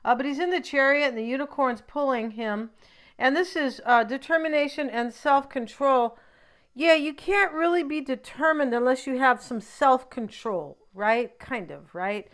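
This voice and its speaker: A woman talks through a tarot card reading in a loose, rambling way. She keeps adding a questioning "right?" and wanders off into little asides. Her voice is smooth and resonant, sitting a bit higher than most women's. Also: animated, normal speed, fairly bright tone. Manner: chatty, often ends thoughts with a questioning "right?". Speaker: tarot reader.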